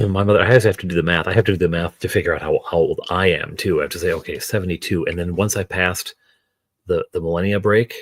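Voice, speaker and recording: A man's voice: low voice, fast, no room sound. A man in his fifties chatting casually, rambling and wry. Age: 50s. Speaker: streamer. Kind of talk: casual chat.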